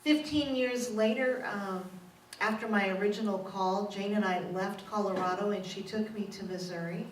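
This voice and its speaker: A woman's voice: medium pitch, fairly even intonation, moderate pace. A middle-aged woman minister giving a candid personal testimony sermon, self-mocking and laughing often. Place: church sanctuary. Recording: roomy echo, from a distance, faint noise.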